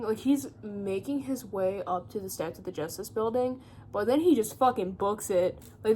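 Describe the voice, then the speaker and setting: A young woman at home giving a rambling, profane, casual book recap full of fillers and laughter. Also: high-pitched. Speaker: booktuber.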